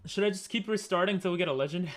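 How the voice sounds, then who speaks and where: Higher-pitched male streamer talking to himself. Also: fairly bright tone. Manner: frustrated, halting self-talk with frequent restarts and laughs. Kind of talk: live gameplay commentary. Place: his room at home.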